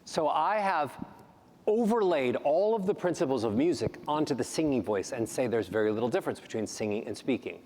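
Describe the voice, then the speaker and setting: A man who is a voice coach, speaking on a conference panel and demonstrating speech melody with sweeping pitch changes. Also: expressive, fairly quick, darkish tone, a little hiss or hum. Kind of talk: panel talk with vocal demonstrations. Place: large hall on a conference stage. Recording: long hall reverb.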